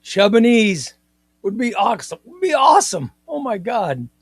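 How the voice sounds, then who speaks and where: A man hosting a comics live stream, chatting in an excitable, rambling way and often repeating himself. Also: very high-pitched, moderate pace, breathy edge, no echo. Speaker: comics livestream host. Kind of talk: casual live-stream chat.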